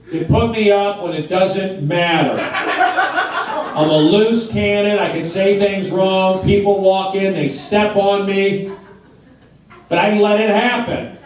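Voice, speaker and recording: A high-voiced man works a comedy club slowly, delivering blunt, self-mocking lines in short sentences that he repeats. The crowd laughs in the background of a noisy, far-off, echoing recording.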